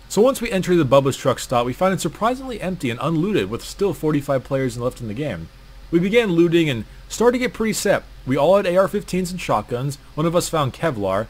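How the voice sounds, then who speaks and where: Crude sarcastic male storyteller. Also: medium pitch. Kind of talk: comedic story narration about an online game.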